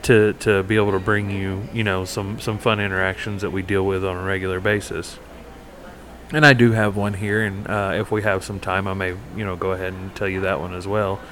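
Man, podcast co-host, low voice, rambling chatty delivery, faint hiss behind. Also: flat delivery, fairly quick, a bit bright. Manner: rambling storyteller, many fillers and restarts. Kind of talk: casual chat.

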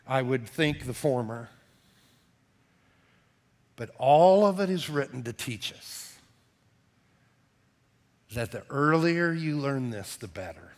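A middle-aged man, a pastor preaching a sermon in a folksy, animated storytelling manner. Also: medium pitch, takes it slowly, long pauses.

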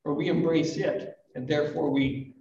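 Speaking at a moderate pace, an older pastor leads a live church service with a quiet, reflective sermon, adding soft asides and a touch of humor about himself. His a-little-high voice is distant from the mic, and the dull, roomy recording has a noisy background.

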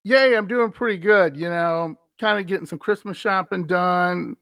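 A man's voice: high voice, normal speed, a bit bright, dry recording. A man co-hosting a casual sports podcast, laughing often and answering with short agreeing interjections. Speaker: podcast co-host.

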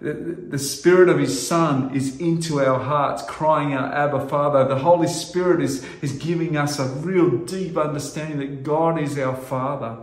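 A middle-aged man preaching a sermon as pastor, earnest and halting, restarting phrases and rising to loud emphasis. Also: a little high, steady tone, reverberant.

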